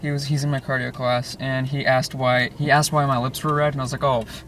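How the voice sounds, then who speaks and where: A man's voice: medium pitch, level tone, fast talker. A teenage guy vlogging casually from his car, rambling with many restarts and fillers. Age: teens. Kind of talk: casual daily vlog. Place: inside a car. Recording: distant mic with loud car noise.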